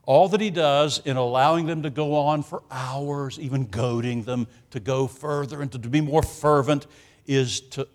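A man preaching a sermon, emphatic, with sarcastic asides and loudness that swings from hushed to booming. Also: steady tone, moderate pace.

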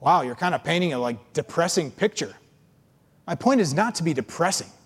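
A man preaching a sermon as pastor, animated, acting out complainers in mocking voices. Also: on the high side, fairly quick, husky, big-room sound. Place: church.

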